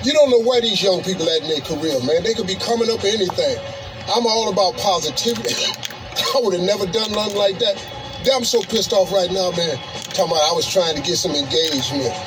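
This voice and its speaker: A man's voice: high-pitched, brisk. A man in his sixties giving a blunt, exasperated selfie-video apology in casual slang. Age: 60s. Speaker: public figure addressing fans. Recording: video clip with loud music behind.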